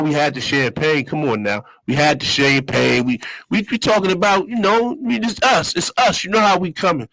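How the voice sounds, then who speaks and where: A man's voice: a little high, a bit bright, no echo, poor audio. A man hosting his own show, telling a loose, slang-heavy story in a casual monologue and repeating his phrases. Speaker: show host.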